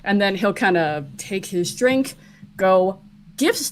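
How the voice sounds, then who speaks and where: Animated woman describing her character. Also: medium pitch, slow, slight background noise. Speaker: player. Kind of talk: casual tabletop play.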